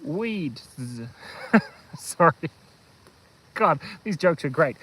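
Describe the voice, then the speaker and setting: Man, slightly high voice, goofy jokes, rambling fillers, outdoor live stream on a phone. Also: expressive, extremely slow, a bit bright, breathy edge, poor audio. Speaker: kids' channel host. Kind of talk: casual live-stream chat. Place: outdoors on a hilltop.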